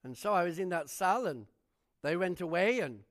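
High-voiced animated male preacher. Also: moderate pace. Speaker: pastor. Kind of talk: storytelling sermon.

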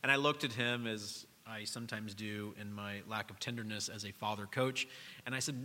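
A middle-aged man, a pastor preaching a sermon in a church, speaking earnestly, dropping to a hush and then rising to emphasis. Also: fairly low pitch, fairly even intonation, moderate pace, big-room sound. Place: church sanctuary during worship.

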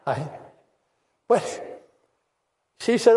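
An older man preaches from the pulpit in a high-pitched voice. He tells his story earnestly and circles back on key phrases for emphasis. His voice carries a long reverb through a church sanctuary. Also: a little slow, darkish tone, slight background noise. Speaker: pastor. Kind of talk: sermon testimony.

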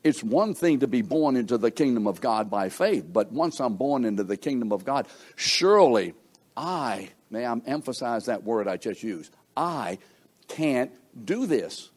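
A middle-aged man preaching a sermon, slow and emphatic, asking the congregation rhetorical questions. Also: expressive, darkish tone. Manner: slow, emphatic preaching with wide swings in pitch and volume.

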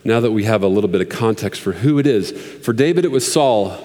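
A man's voice: on the low side, expressive, fairly quick, dark tone. A man in his thirties preaching a sermon in an earnest, conversational way, with fillers and restarts. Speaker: pastor. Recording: long hall reverb.

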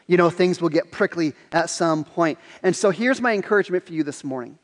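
A man, a pastor giving a sermon in a church, telling stories in an animated way and often repeating his words. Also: on the high side, a little fast, long reverb tail.

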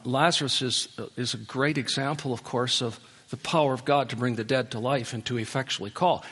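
A male pastor delivers a sermon in a church worship center, his voice sitting at an ordinary middle pitch. He pleads earnestly with his listeners, building to impassioned appeals before dropping back to a soft, intimate tone. The recording carries the long reverb of a large hall.

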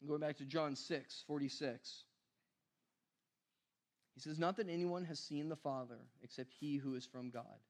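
A man with a high voice gives a sermon, reading scripture and explaining it in relaxed, everyday words. He often checks in with the listeners and repeats his key points for emphasis. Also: unhurried, long pauses. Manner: casual, conversational preaching with repeated "right?" and "you guys". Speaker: pastor.

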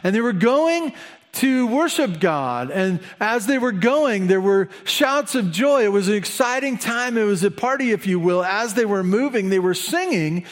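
A man's voice: high-pitched, expressive, normal speed. A man preaching a conversational sermon, asking the listeners questions and slipping in chatty asides. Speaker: pastor.

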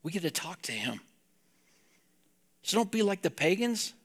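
Gravelly-voiced pastor preaching conversationally. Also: male voice, sits high, big pitch swings, moderate pace. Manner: conversational preaching, plain and direct. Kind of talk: sermon.

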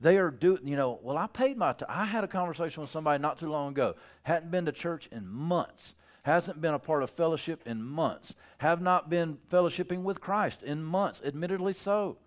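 A man's voice: a little high, moderate pace, few pauses. A man preaching a sermon in a loose, conversational way, acting out characters with playful voices. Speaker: pastor.

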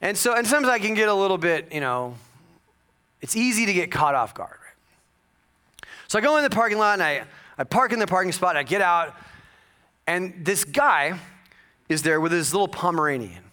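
A male pastor preaching a sermon, telling a personal story with humor and bursts of loud excitement. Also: high voice, brisk. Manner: animated storytelling with jokes and sudden loud bursts.

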